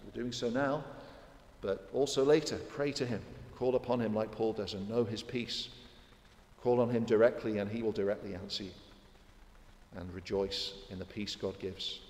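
A man's voice: fairly low pitch, moderate pace, a little mellow. A man preaching a sermon in an earnest, repetitive way, putting direct questions to his listeners. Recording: echoey hall reverb.

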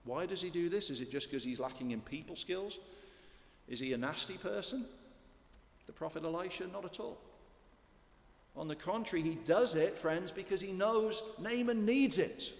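Male preacher, emphatic, keeps asking the congregation questions; slightly high voice with long church reverb. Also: normal speed, vocal fry. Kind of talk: sermon.

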